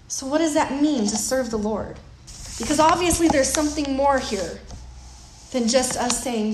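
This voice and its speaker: A woman's voice: sits high, moderate pace. A woman preaching a sermon in a conversational way, often repeating words as she thinks aloud. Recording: roomy echo with faint noise.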